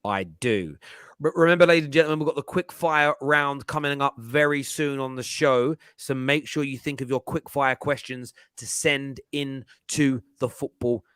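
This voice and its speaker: A man's voice: mid-range voice, normal speed, clean tone, no echo, studio quality. A man with a London accent hosting a live football chat show, joking around and reading out viewer comments. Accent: London English. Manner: animated, jokey, reads out viewer comments. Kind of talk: live-stream casual chat.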